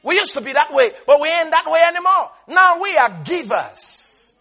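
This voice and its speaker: A male preacher with a strikingly high, bright, husky voice. He preaches emphatically, with lively swings in pitch and loudness, and he calls for responses from the congregation. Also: moderate pace. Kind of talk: sermon.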